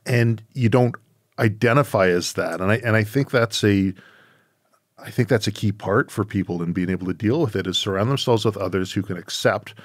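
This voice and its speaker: Reflective male podcast host, low voice. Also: dry recording, clean studio sound. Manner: reflective, measured, thinking aloud. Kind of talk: conversational interview.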